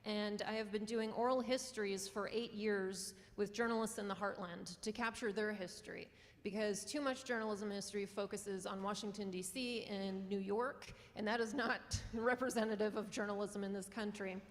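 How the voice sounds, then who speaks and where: A journalism professor and newspaper publisher from Western North Dakota gives a conference talk in a lecture hall, speaking earnestly and passionately with small laughs and a North Dakota accent. Her medium-pitched voice is fairly even and moderately paced, trailed by long reverb.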